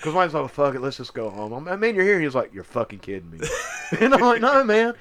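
A man's voice: high-pitched, big pitch swings, brisk, a crowd in the background. A man, co-hosting a podcast and telling a wild story with lots of laughter and swearing. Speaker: podcast co-host. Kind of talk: casual storytelling chat.

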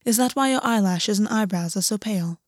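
A woman voicing a stern fey man who is a tender but commanding lover, speaking in a measured, quietly intense way. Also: medium pitch, dry recording, clean studio sound, close to an everyday voice. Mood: intent. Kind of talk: audiobook reading.

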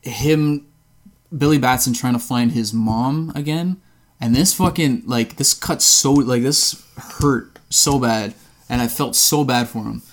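A man's voice: mid-range voice, unhurried. A man co-hosting a casual movie review podcast, rambling through scenes, laughing and swearing as he goes. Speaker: podcast co-host.

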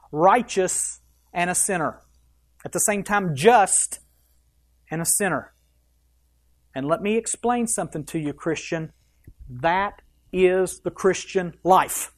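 Preaching emphatically in a church, a male pastor swings widely in loudness and pace, moving from stressed, forceful lines to hushed, low asides. He talks straight to the people in the pews and poses questions to them.

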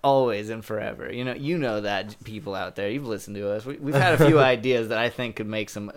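A man's voice: lowish voice, brisk. A man co-hosting a podcast in casual comedic chat, giggly and rambling. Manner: giggly, rambling, stumbles over restarts. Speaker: podcast co-host.

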